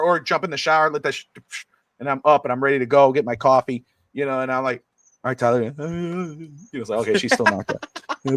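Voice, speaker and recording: A middle-aged man co-hosting a podcast, rambling through family stories and mimicking others in high voices. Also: a bit bright, dry recording. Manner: rambling storyteller, acts out quotes in high voices. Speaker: podcast co-host. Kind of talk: casual chat. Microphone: streamed podcast mic.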